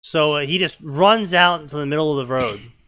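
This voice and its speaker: A man's voice: a little high, brisk, bright, forceful tone. A young man reading fanfiction aloud with sarcastic comic commentary, mocking the story as he goes. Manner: sarcastic, mocking, breaks into laughter. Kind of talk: comedic dramatic reading with commentary.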